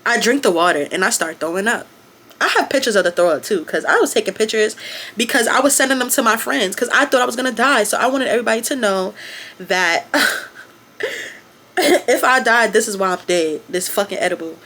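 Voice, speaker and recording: A young woman telling a casual storytime, quick and profane, full of "like" and acted-out quotes. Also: a little high, lively intonation, sharp tone. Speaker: vlogger.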